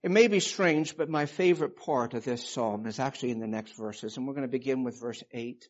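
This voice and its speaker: A man's voice: expressive, fairly quick, few pauses. A man in his fifties preaching a sermon, telling a personal story with emotion and reading scripture with rising passion. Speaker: pastor. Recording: muffled low-fidelity recording.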